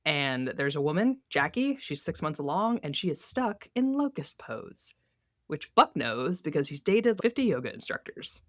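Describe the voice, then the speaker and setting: Woman podcast co-host, deep voice, dry close sound, animated recap chat, laughs a lot. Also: normal speed, no room sound. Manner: animated, laughs often, acts out characters' lines.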